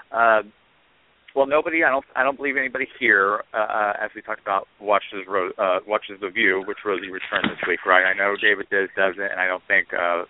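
A man hosting a casual chat show, rambling with many fillers and restarts. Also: fairly low pitch. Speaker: podcast host. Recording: tinny phone-line sound.

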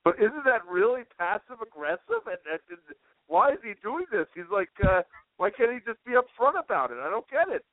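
A man co-hosting a comedy talk show in casual chat, rambling with many halting fillers. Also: high-pitched, very animated, dry recording. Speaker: radio co-host. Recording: dry phone-like audio.

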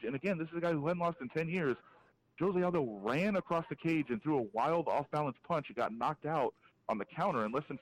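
A man, a fight reporter calling in as a podcast guest, giving an animated, opinionated breakdown with frequent restarts. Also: fairly high pitch, slight background noise, rough recording. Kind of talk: casual podcast interview, calling in.

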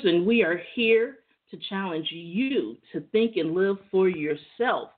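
A woman's voice: fairly low pitch, expressive, slow, hardly any pauses. A woman hosting a talk show, chatting casually and conversationally, laughing easily. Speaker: podcast host. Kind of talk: casual monologue. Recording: tinny phone-like audio.

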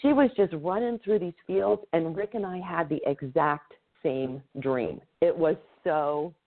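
A woman's voice: deep voice, measured pace. A woman in her fifties in a casual chat, agreeing and reflecting. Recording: phone-like narrow audio.

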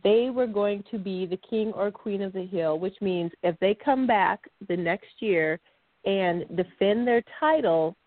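A woman's voice: mid-range voice, measured pace, no echo. A woman co-hosting a podcast in a chatty, rambling way, laughing often. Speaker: podcast co-host. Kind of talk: casual chat. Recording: dry, phone-like sound.

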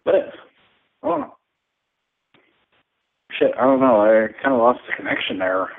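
A man's voice: medium pitch, huge pitch swings, unhurried, vocal fry. A man hosting a live call-in show, talking in a rambling, hesitant and profane way. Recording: tinny phone-like audio.

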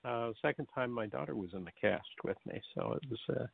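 A middle-aged man, a stage actor, telling stories in a halting, measured way with frequent restarts. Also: mid-range voice, animated, vocal fry, a little hiss or hum. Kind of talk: casual interview chat. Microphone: video call. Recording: dry, tinny online call audio.

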